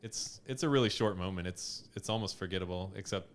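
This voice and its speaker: A man's voice: low voice, fairly quick. A man co-hosting a podcast from a home studio, chatting casually, laughing often and trailing off mid-thought. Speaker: podcast co-host. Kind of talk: casual chat.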